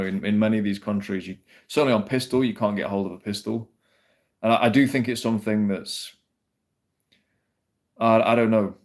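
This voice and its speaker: A man hosts a casual livestream with a somewhat low voice. He rambles loosely, swears freely and keeps turning to answer his chat's comments. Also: a little mellow. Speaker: livestream host.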